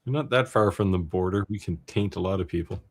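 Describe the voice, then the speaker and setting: A man co-hosting a livestream in casual chat, animated and quick to laugh, explaining things at length. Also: low-pitched. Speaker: livestream co-host.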